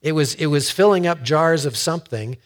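A man's voice: on the high side, brisk. A man giving a conversational sermon in a folksy way, often repeating words as he builds a point. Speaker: preacher.

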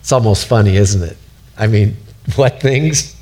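A man's voice: on the low side, unhurried, mellow. A man preaching a sermon verse by verse in a conversational way, asking the congregation questions and repeating words as he builds a point. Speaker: pastor. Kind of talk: expository sermon.

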